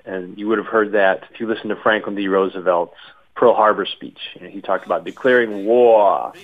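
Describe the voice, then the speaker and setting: Deep-voiced man on a tinny phone line. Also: steady tone, a little fast. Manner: thoughtful, many restarts and you-knows. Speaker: author interviewed. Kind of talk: interview over phone.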